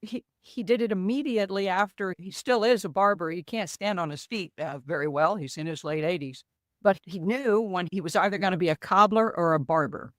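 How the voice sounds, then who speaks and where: A woman's voice: on the low side, fairly quick, no echo, clean studio sound. An older woman, a podcast guest who tells stories animatedly and acts out quoted dialogue. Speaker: co-author guest. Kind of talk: conversational podcast interview.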